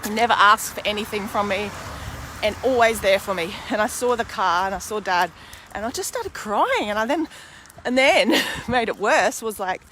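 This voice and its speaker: A woman's voice: mid-range voice, lively intonation, normal speed, fairly bright tone, slight background noise. A woman in her forties talking candidly to camera in a rambling, casual personal monologue, now and then swearing mildly. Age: 40s. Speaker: vlogger and podcaster.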